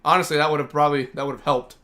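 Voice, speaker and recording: A man hosting a gaming livestream talks very fast in a sharp voice on the high side, keeping a steady tone. He rambles casually and enthusiastically, with heavy use of "like."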